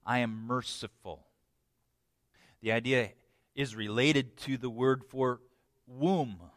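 A man preaching a sermon in an animated way, asking the congregation questions. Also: mid-range voice, slow, no echo, studio quality. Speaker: pastor.

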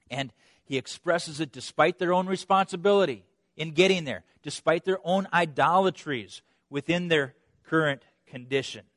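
Animated male preacher, dry close sound. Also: a little high, dry recording. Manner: animated, rhetorical questions, chuckles between points. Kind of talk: expository sermon.

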